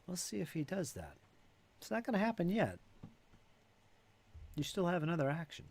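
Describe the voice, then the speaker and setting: A man narrating and explaining rules as game master in a live-play tabletop game, casual and steady. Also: sits high, normal speed, creaky.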